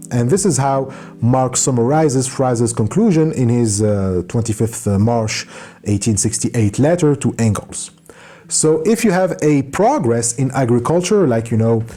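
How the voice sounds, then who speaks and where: A man's voice: mid-range voice, dark tone. A man reviewing a book in an unscripted explanatory talk, hesitant, with frequent fillers and self-corrections.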